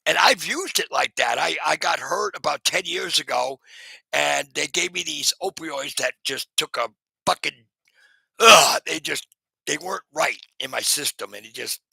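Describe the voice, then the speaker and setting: A man's voice: on the high side, creaky, sharp tone, husky, no room sound, poor audio. A man hosting a casual live stream, rambling with lots of fillers, greeting viewers by name and laughing at himself. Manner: rambling, with many fillers and restarts.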